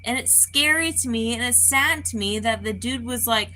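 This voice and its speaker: A woman's voice: fairly high pitch, moderate pace, pushed and bright, a little hiss or hum, low-quality recording. A woman spiritual advisor ranting off the cuff to camera, swearing heavily and filling her talk with "like.". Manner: profane, heated, full of "like" fillers. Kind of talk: unscripted rant to camera.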